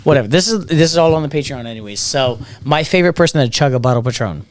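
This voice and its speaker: A man co-hosting a podcast in casual chat, swearing freely and acting out quotes in a higher, nervous voice. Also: expressive, rapid-fire, no echo. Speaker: podcast co-host.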